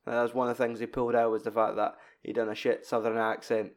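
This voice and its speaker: Speaking fast with few pauses, a man co-hosting a podcast keeps up a rambling, casual chat, correcting himself along the way. His voice is mid-range and level in tone.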